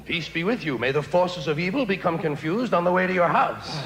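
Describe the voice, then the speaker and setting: A man's voice: high-pitched, animated, a little fast, crowd noise. A man performing a stand-up comedy routine on stage with a wry, sardonic delivery, recorded live in front of an audience. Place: stage before a laughing audience.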